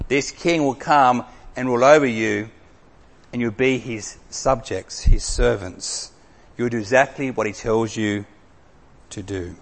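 A man preaching a sermon, reading scripture with dramatic emphasis, swinging from loud, raised lines to hushed, slow drops. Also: mid-range voice. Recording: long hall reverb.

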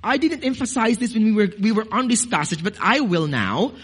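A man's voice: high-pitched, sing-song, brisk, breathy edge. A man, a pastor, preaching a sermon to his congregation. He cites scripture, repeats words, and stresses key phrases. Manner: addresses congregation as "dearly beloved".

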